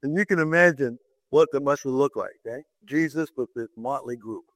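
At a moderate pace, a man preaches a sermon in a rough recording with no echo. He tells a Bible story dramatically, swinging his pitch to act out quoted voices and putting rhetorical questions to his listeners.

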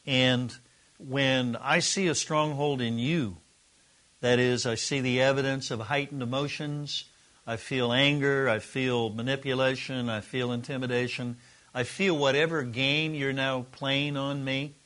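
A man's voice: medium pitch, steady tone, unhurried, a bit bright. Earnest middle-aged man teaching a class. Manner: earnest, conversational, acts out example dialogue. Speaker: teacher of a relationship course. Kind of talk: teaching a class to a live group.

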